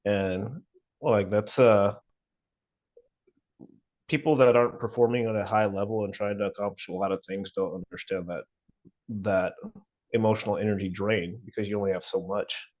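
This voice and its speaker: A man's voice: lowish voice, fairly even intonation, normal speed, pauses often, a little mellow. A man in a casual podcast chat, supportive and reflective, answering his co-host.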